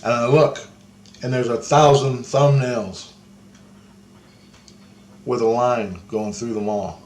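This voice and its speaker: A man's voice: medium pitch, steady tone, slow pace, darkish tone, slight background noise. A man telling a rambling first-person account of a vision, profane and awestruck. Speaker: storyteller recounting a vision.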